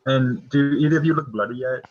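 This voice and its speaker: A man's voice: medium pitch, brisk, a little mellow, muffled recording. A man playing in a tabletop game, speaking casually with hesitant phrasing. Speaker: player.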